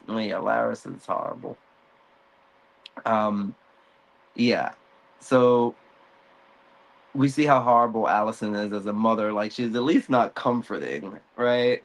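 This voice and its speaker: A man hosting a casual recap show, relaxed, chuckling often, with many fillers. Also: lowish voice, creaky, low-quality recording.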